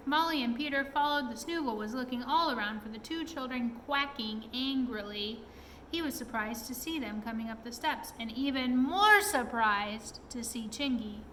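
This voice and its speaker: High, bright-voiced woman storyteller. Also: slight background noise, rough recording. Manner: expressive, asks listeners questions. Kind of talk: storybook read-aloud.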